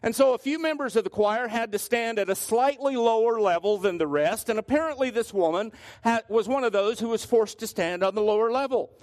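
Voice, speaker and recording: A man's voice: high-pitched, a little fast, few pauses. A male pastor preaching a sermon, telling stories and often restarting his phrases. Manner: storytelling with frequent restarts.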